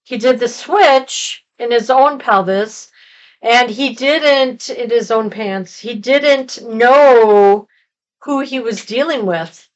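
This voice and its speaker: A woman's voice: a little high, takes it slowly, muffled recording. A woman co-hosting a casual movie review chat, recapping the plot in a rambling way with lots of fillers. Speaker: podcast co-host.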